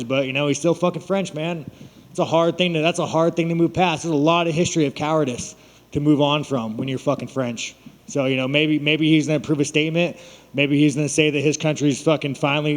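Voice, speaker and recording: A fighter at a media scrum talks in a somewhat high voice, swearing in nearly every sentence and teasing the reporters around him. His voice carries a long reverb from a big hall. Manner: blunt, swearing, mocking. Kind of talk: profane, boastful press scrum talk. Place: large room at a media event.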